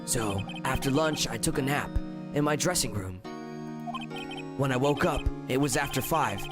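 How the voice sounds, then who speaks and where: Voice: mid-range voice, moderate pace, music in the background, natural voice. A streamer voicing a tired male actor recounting his day during a voice-acted game playthrough. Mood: plain. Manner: plain, recounting testimony. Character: weary adult male actor, action hero.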